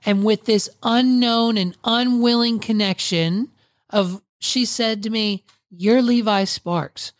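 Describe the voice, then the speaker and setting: A man's voice: sits high, steady tone, slow pace, no room sound, studio quality. A young man, a wedding DJ, casually telling a long story in a rambling way full of fillers and asides. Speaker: podcast host and wedding DJ.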